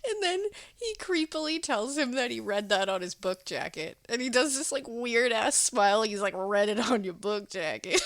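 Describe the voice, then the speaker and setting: A woman's voice: fairly high pitch, normal speed, dry recording. Chatty woman podcast host recapping a movie, lots of laughs, dry close mic. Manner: animated, laughing, acting out quotes. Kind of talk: casual chat recapping a film.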